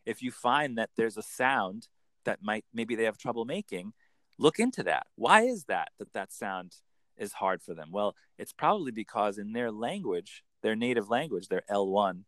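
A man, a coach explaining in an enthusiastic conversational interview with quick acted examples. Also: on the low side, expressive, fairly bright tone, no room sound. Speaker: accent coach.

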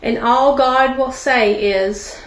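A woman's voice: high-pitched, slow, reverberant. A woman guest speaker telling a sermon story, with preaching asides that call out to listeners. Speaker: guest speaker, pastor's wife. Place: studio.

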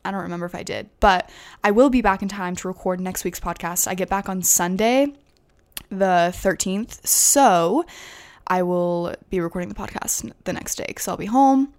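A woman's voice: mid-range voice, normal speed. A young woman hosting her own podcast, telling a personal story in a casual, rambling way, with lots of "like" fillers and nervous laughs. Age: young adult. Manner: chatty, full of "like" fillers, self-conscious laughs. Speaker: podcast host.

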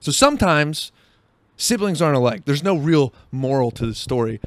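A man's voice: fairly high pitch, lively intonation, normal speed. A young man hosting a podcast, telling a rambling, profane story in a casual monologue full of fillers, talking while driving. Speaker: podcast host.

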